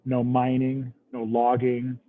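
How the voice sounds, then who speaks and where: A man's voice: mid-range voice, completely flat delivery, takes it slowly. Guy teaching history class, keeps asking right?, sounds like a tinny phone line. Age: adult, past military service. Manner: conversational, checks understanding with "right?". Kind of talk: classroom lecture.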